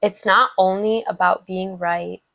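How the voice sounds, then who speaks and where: A woman's voice: mid-range voice, fairly even intonation, measured pace, creaky, dry recording, lo-fi sound. A woman giving a casual, rambling tarot love reading, full of filler words and affirmations. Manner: chatty, rambling, many "like" fillers, warm affirming tone. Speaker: tarot reader.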